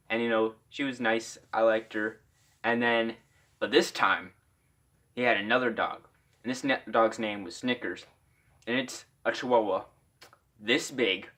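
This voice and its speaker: A man's voice: fairly low pitch, bright, forceful tone. A young man from Iowa telling a casual story-time tale, rambling with lots of "like" fillers.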